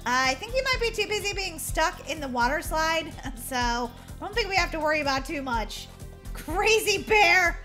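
A woman voicing Molly, an excitable young girl in a game role-play, chatty and giggly, talking to herself. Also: extremely high pitch, normal speed, faint music behind, full character voice. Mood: playful. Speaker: roleplay gamer.

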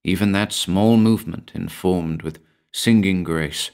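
A man giving a measured, brooding scripted narration of a horror story. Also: sits low, vocal fry, a little mellow, clear, resonant tone.

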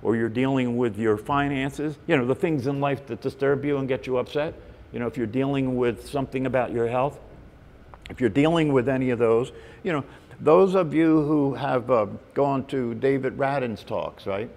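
A man's voice: medium pitch, darkish tone. A man giving a conversational meditation talk to a group, often checking in with "right?" and "you know". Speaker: meditation teacher. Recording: long reverb in a hall.

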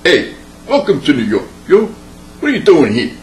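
A man's voice: a little high, huge pitch swings, moderate pace, pitched below the performer's own voice. A man doing a threatening New York tough guy. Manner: menacing street slang. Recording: echoey room with faint hum.

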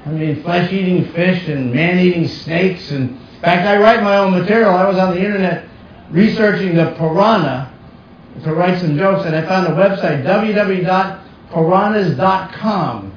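This middle-aged New Jersey comic has a high-pitched male voice and moves at a moderate pace, delivering a brash stand-up set with punchy asides before a live crowd. The room is echoey, distant and muffled, with a little hiss or hum.

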